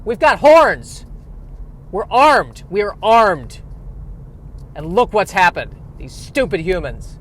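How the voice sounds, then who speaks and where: A man's voice: sing-song, slow, long pauses, full character voice, rough recording. A man voicing an indignant male rhinoceros who cannot understand why his kind is dying out. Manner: loud, high and outraged. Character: indignant male rhinoceros, baffled by its own extinction.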